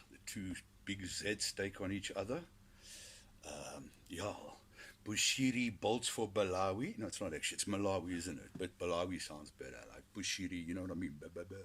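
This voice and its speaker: A man's voice: low-pitched, fairly bright tone, slightly rough. A South African man hosting a podcast, rambling through sardonic, foul-mouthed commentary. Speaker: podcast host. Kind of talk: casual solo commentary.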